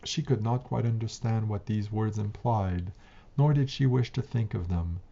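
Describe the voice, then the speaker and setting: A man reading a translated old tale aloud, slow and measured. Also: fairly low pitch, gravelly, dark tone. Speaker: narrator. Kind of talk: storybook reading. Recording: dull lo-fi recording.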